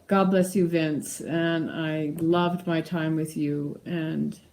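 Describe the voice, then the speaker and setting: A woman's voice: low-pitched, fairly even intonation, slow pace, darkish tone, a little hiss or hum, low-quality recording. A woman singer speaking a reflective tribute to a former teacher, with fillers. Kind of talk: spoken tribute.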